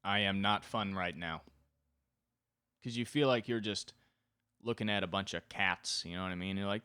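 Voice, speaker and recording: A man's voice: deep voice, quick pace, pushed and bright, clear, resonant tone, no echo. A man in his twenties hosting a solo podcast, rambling and self-deprecating, swearing freely as he tells comic stories. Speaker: podcast host. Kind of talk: solo comedic monologue.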